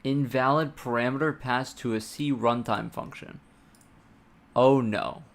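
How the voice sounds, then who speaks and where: A man's voice: mid-range voice, fairly even intonation, measured pace. A man live-streaming his game engine coding, thinking aloud, muttering to himself and swearing casually.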